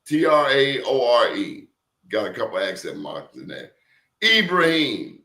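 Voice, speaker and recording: A man's voice: mid-range voice, sing-song, unhurried, gravelly, sharp tone. A man in casual conversation, telling stories emphatically with blunt slang. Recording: roomy echo.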